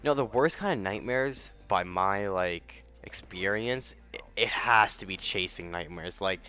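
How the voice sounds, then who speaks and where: A young man with a slightly low voice narrates his own gameplay in a loose, rambling way. His talk drifts between topics, then he breaks into sudden profane jabs at other players. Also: a little slow, pushed and bright, clean tone. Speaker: gaming YouTuber and streamer. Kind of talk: casual gameplay commentary.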